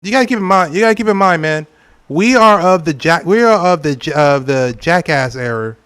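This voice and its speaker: A young man from California chats with viewers while he plays a game, joking and laughing often. His voice sits a little high and comes across smooth and clear. He talks in a loose, rambling way and sometimes acts out silly quotes. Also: lively intonation, a little fast, fairly bright tone. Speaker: gaming streamer. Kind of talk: casual gameplay chat with viewers.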